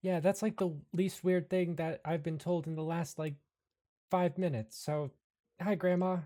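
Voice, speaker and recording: Tabletop player, casual and lively, mid-low voice. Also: normal speed. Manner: chatty, laughing, lively.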